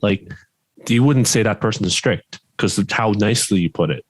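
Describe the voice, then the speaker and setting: A man co-hosting a podcast in casual chat, stern and even-toned, his voice worn and starting to go. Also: lowish voice, moderate pace, no room sound. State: losing his voice. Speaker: podcast co-host, martial arts instructor.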